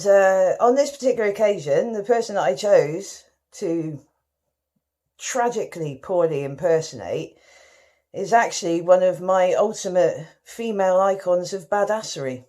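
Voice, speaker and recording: A woman's voice: medium pitch, dark tone. A woman from the West Country with a broad, exaggerated West Country accent, giving a chatty, self-mocking comic monologue as a contestant and calling her listeners darlings. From West Country, England.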